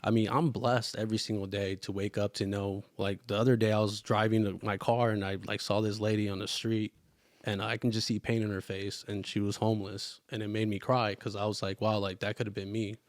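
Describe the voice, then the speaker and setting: A young man hosting a podcast, telling his life story in an earnest, halting way that turns emotional. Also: fairly low pitch, flat delivery, dry recording, clean studio sound. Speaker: podcast host. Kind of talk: casual chat.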